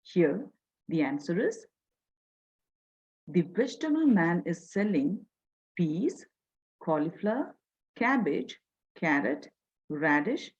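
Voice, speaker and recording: A woman teacher with an Indian English accent talks children through a story lesson, slow and very lively in pitch. Her voice is a little husky, and the recording sounds dull and lo-fi. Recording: dull lo-fi audio.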